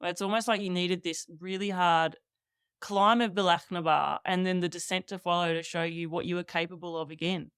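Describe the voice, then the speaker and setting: A woman hosts a podcast in a relaxed, chatty way, joking a little and asking reflective questions. Her voice is lowish, smooth and clear. The sound is dry. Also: a little fast, no room sound. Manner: playful, asks reflective questions. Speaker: podcast host. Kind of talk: casual interview chat.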